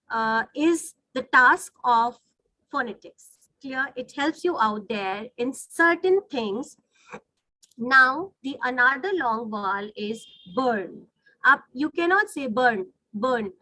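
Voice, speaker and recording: A woman's voice: high voice, lively intonation, slow pace, bright, forceful tone, dry recording, rough recording. A woman giving an online lecture on phonetics, explaining and checking in often with the listeners. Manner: explanatory, frequent "right?" and "you know" checks. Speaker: English phonetics teacher.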